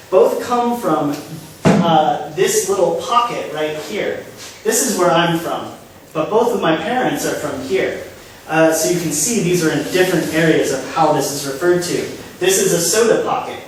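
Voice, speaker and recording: Young male lecturer, a bit high-pitched, halting with fillers; heard from afar in a reverberant hall with faint hiss. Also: distant mic. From United States, Kansas. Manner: explanatory, with frequent "uh" fillers and self-corrections. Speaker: guest speaker giving a public talk. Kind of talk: lecture to a live audience.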